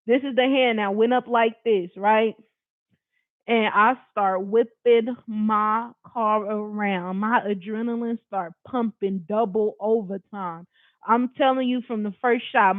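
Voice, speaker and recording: A person from Long Beach, California telling a personal story to camera in an animated, emphatic, slangy and profane way, talking straight to viewers. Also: medium pitch, no echo. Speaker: storyteller recounting a personal experience. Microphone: camera facing the speaker. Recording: dry, tinny phone-like sound.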